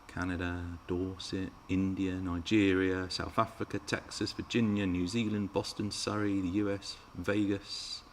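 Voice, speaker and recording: A man's voice: low-pitched, little pitch movement, unhurried, few pauses, slight background noise. A man hosting a live Q&A stream, chatting with viewers and reading out their comments. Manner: chatty and playful, teasing viewers. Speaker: RC car channel host.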